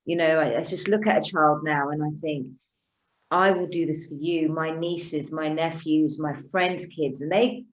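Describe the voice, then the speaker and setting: Earnest woman with a low voice. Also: steady tone, rough recording. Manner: earnest, halting, full of restarts. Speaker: guest. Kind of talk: emotional conversational speech.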